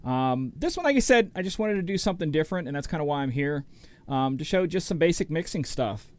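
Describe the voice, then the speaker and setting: A man's voice: a little high, expressive, quick pace. A middle-aged man hosting a DJ livestream, chatting casually and rambling as he greets viewers by name. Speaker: DJ and show host.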